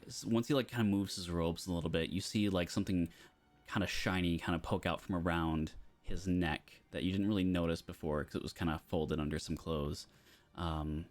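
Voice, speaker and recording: A man narrating as game master of a tabletop game, casual and hesitant, with many fillers, over background music. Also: sits low.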